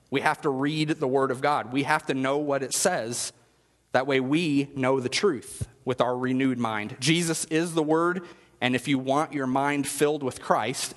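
A man's voice: medium pitch, a bit bright, big-room sound. A man preaching a sermon in a conversational, chatty way and asking the congregation questions. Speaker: pastor.

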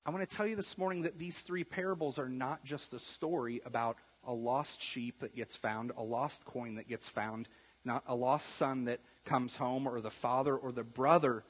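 A man preaching a sermon as pastor, building up to emphatic, forceful bursts. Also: mid-range voice, steady tone, moderate pace, breathy edge, long reverb tail, poor audio.

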